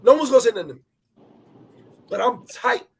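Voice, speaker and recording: A man telling a personal travel story in animated, profane street talk, repeating words as he goes. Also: very high voice, a little fast, creaky, slightly rough. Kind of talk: casual storytelling chat.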